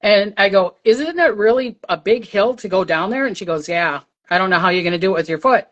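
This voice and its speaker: A woman's voice: mid-range voice, animated, brisk, fairly bright tone, lo-fi sound. An older woman, a psychic medium, chatting casually on a livestream and telling a story, acting out the voices she heard.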